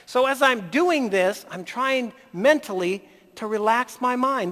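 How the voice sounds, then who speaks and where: A man telling stories in a folksy, animated health talk. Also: very high voice, unhurried, few pauses, in a large hall.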